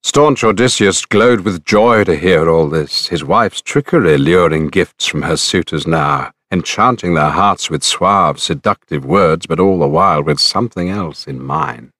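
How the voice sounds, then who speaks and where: A man narrates an epic poem in a measured, storytelling voice. His pitch sits low. The recording is dry and close, with no room sound. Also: a bit bright, dry recording.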